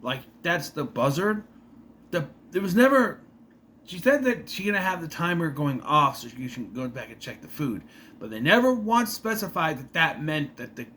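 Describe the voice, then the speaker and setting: Male vlogger, animated and bright, restarts a lot while recapping an episode. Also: a little high, slight background noise. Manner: rambling, with restarts and rising exasperation. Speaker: vlogger reviewing a sitcom episode. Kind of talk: casual recap.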